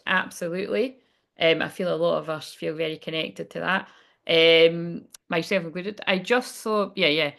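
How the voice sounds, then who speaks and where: A woman leads a relaxed live card reading. She sounds cheerful and talkative, and she speaks directly to the people watching. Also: medium pitch, vocal fry. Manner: chipper and chatty, talking straight to viewers. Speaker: spiritual card reader.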